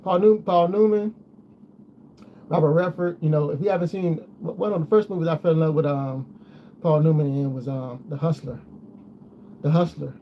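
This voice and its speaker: A man's voice: on the high side, steady tone, normal speed, long pauses. A man chatting casually to his viewers, rambling and repeating himself as he goes. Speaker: vlogger. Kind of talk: casual chat. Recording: dull lo-fi sound with faint noise.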